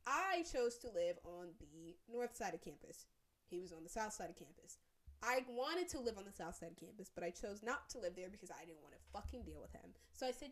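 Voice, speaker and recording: A young woman tells a personal story for her podcast in a bright, forceful voice. She is casual and animated, and she swears freely as she goes. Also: mid-range voice, fairly quick. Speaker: podcast host.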